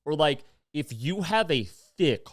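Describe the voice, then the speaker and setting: A young man co-hosting a comedy podcast, chatting casually and telling animated stories. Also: fairly high pitch, takes it slowly, no echo, studio quality. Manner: animated storyteller, puts on voices. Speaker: podcast co-host.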